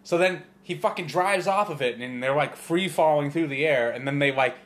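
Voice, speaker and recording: A man co-hosting a podcast, telling movie stories in a profane, rambling, animated way. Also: on the high side, moderate pace. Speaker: podcast co-host. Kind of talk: casual chat.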